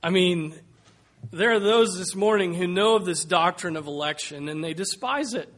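A man preaching a sermon, slow and emphatic, dropping to a hush and rising to loud calls. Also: high voice. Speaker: pastor.

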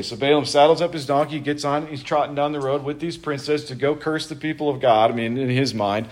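A male pastor preaching in church, his voice sitting somewhat higher than most men's. He tells the story conversationally, in informal everyday language. He moves easily between retelling and addressing his listeners. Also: fairly even intonation, brisk, few pauses. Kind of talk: sermon.

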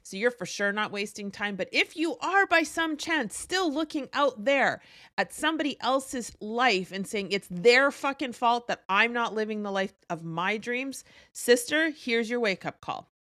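A woman's voice: on the high side, animated, unhurried, pushed and bright, no room sound, studio quality. A young woman hosting a podcast, giving a blunt, emphatic motivational talk full of swearing. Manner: blunt, profane, emphatic coaching. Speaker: podcast host.

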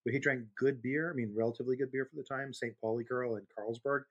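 A man's voice: medium pitch, fairly even intonation, fast talker, muffled recording. A man in his fifties, co-hosting a podcast, telling long rambling stories in casual chat and laughing easily. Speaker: podcast co-host.

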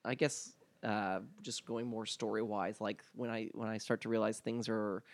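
A man's voice: lowish voice, little pitch movement, moderate pace, no echo. A young man telling a story from his teens in a casual chat, rambling with lots of fillers and restarts. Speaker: guest.

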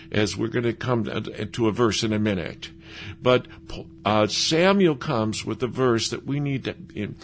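A man preaching a sermon, lively and animated, acting out the voices of the people he quotes. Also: on the low side, vocal fry, slight background noise.

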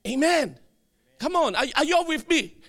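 Male pastor; high and highly animated, preaching with loud emphatic bursts. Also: moderate pace. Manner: emphatic preaching with sudden shouted bursts and call-and-response. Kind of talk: sermon.

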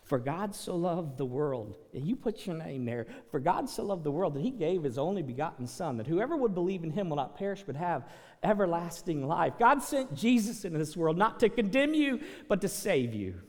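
A middle-aged man preaching a sermon, folksy and earnest, swinging from loud exhortation to soft pleading. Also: fairly high pitch, big pitch swings, moderate pace. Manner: repeats words when restarting, folksy asides. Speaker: pastor. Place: church sanctuary. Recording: long hall reverb.

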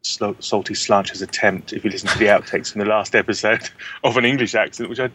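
Husky low-voiced man, joking co-host. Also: fairly even intonation, fairly bright tone. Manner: joking, quick restarts. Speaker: podcast co-host. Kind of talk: casual chat.

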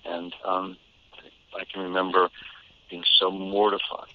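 Speaking at a measured pace, a deep-voiced American man comes through on a tinny line with slight background noise. A voice actor guest in a relaxed interview, he spins stories with energy, often laughing and restarting what he's saying.

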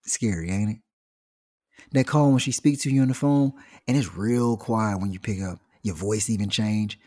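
A man delivering a slangy comic monologue, telling stories and slipping into quick voices. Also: fairly low pitch. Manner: animated slangy storytelling, jumps into voices. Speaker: comedian. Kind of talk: stand-up style comic monologue.

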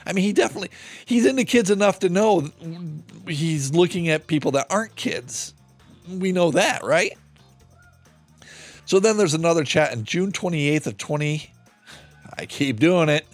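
A man's voice: fairly high pitch, expressive, a little slow, dry recording, soft background music. A man hosting a true-crime podcast, sarcastic and swearing freely as he reads out chat logs and comments on them. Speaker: podcast host.

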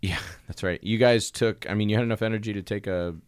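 A man's voice: lowish voice, fairly even intonation, fast talker, clean tone, dry recording. A man co-hosting a church podcast, a pastor chatting casually in an easygoing, joking, rambling way. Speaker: podcast co-host and care pastor. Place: church recording space.

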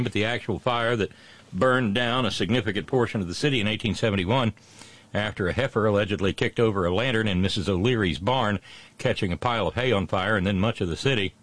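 Middle-aged male host with a lowish voice, dry recording; deadpan history jokes with punny asides. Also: no echo. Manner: punning asides and sarcastic jabs; slows down for punchlines. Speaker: host of a daily history segment. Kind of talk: satirical on-this-day commentary.

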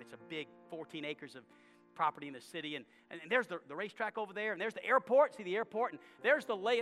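A man preaching a sermon, telling a story with soft asides and sudden shouted prayers. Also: high voice. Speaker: pastor.

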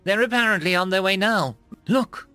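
A man voicing an excitable insectoid alien radio operator, reporting urgently in a raised voice. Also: high-pitched, normal speed, no echo, faint music behind, voice pushed up.

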